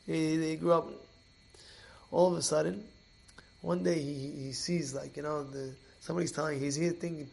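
A man teaching a Torah class as an animated storyteller who repeats and restarts his phrases. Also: fairly high pitch, moderate pace, vocal fry.

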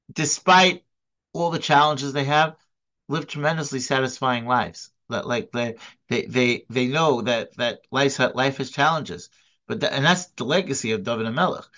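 Halting, earnest man teaching a class. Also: mid-range voice, pushed and bright, highs cut off. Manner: halting, many repeated words and restarts; earnest, emphatic. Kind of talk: informal recorded lecture.

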